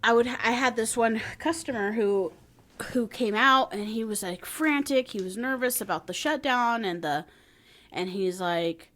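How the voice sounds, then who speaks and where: A woman in casual podcast chat, telling a story with lots of laughter and calm, soothing quoted lines. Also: on the high side, unhurried. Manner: animated storyteller, laughs often, soothing when quoting herself. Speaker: podcast co-host.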